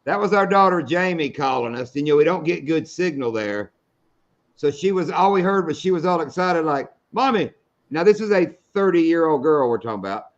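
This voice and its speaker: A man's voice: on the high side, animated, fairly quick. Folksy storytelling man, lo-fi stream. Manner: folksy, storytelling, salty language. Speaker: fishing show host. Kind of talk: casual live-stream chat.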